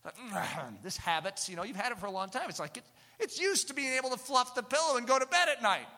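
A man preaching a sermon, telling stories with animated acting and reading scripture aloud. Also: very high-pitched, fast. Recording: long hall reverb.

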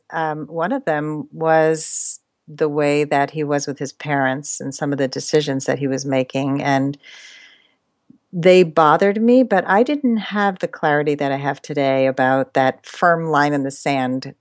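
Guest: middle-aged woman with a deep voice, lively storyteller, dry close sound. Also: no room sound. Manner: animated, laughs often, expressive pitch swings. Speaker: guest, dating coach. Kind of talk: interview storytelling.

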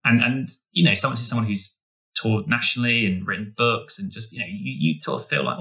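Man, podcast co-host, quick talker with a bright tone, eager and rambling delivery. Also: mid-range voice, gravelly. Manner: enthusiastic, rambling with restarts. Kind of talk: casual podcast chat.

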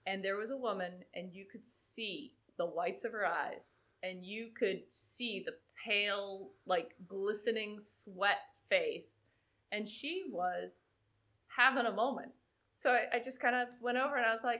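Animated woman storyteller. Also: fairly high pitch, moderate pace. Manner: animated storyteller, acts out quoted dialogue. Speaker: sports psychologist guest. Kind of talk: conversational podcast interview.

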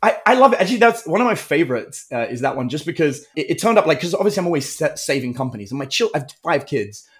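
Animated man telling a story. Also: on the high side, fast talker, hardly any pauses. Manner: animated storyteller, acts out quotes. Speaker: podcast guest, entrepreneur. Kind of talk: casual interview storytelling.

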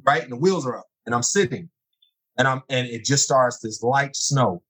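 A middle-aged man telling personal stories in conversation, acting out scenes with sudden high exclamations. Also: moderate pace, a bit bright, slightly rough, low-quality recording. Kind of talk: animated storytelling in conversation.

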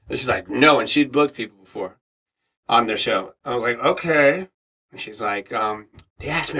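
A man, an actor and radio host, telling animated stories in an interview and acting out the people he quotes. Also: mid-range voice, brisk. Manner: lively anecdotes, acts out quoted voices, swears freely. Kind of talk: animated storytelling.

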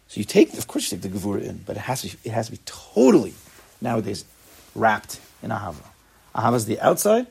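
A man teaching a Torah class in a gravelly, husky voice. He speaks emphatically, doubling back on words and mixing Hebrew terms into his English. His pitch sits in an everyday middle range. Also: big pitch swings, quick pace, darkish tone. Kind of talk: spoken Torah lecture.

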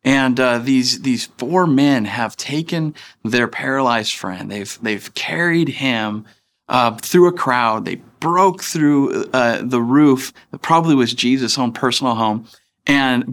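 A man's voice: medium pitch, a bit bright. Man, pastor, sermon, casual conversational delivery, acts out quoted voices, 30s.

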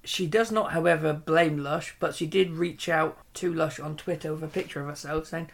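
A man co-hosting a casual chat show, joking quickly, laughing, and reading out a news story. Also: fairly high pitch, steady tone, vocal fry. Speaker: podcast co-host.

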